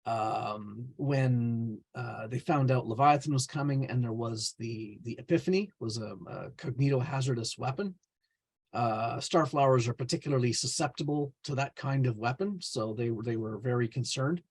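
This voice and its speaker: A man's voice: mid-range voice, normal speed, breathy edge. A man, the game master, casually recapping a tabletop game session with a hesitant, rambling delivery. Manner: rambling, hesitant, lots of fillers.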